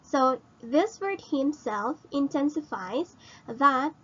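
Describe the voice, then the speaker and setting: A woman with a Filipino English accent teaches grammar at a very unhurried pace. Her voice sits a little high, and she asks and answers her own questions. The recording sounds slightly dull and lo-fi. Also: expressive, fairly bright tone. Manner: slow, explaining step by step with rhetorical questions. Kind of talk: recorded online grammar lesson.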